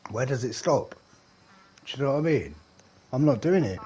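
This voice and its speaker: Husky British man rambling and laughing. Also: medium pitch, lively intonation, moderate pace, a little mellow. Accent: British English. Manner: rambling, laughs often, swears casually. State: slightly tipsy. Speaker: live streamer. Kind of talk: casual chat while gaming.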